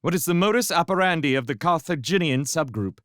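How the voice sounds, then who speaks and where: A man voicing a smug, sneering young male magician who talks in a mocking, sharp-edged way. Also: on the high side, expressive, brisk, no echo, studio quality, pitched above the performer's own voice. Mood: quizzing.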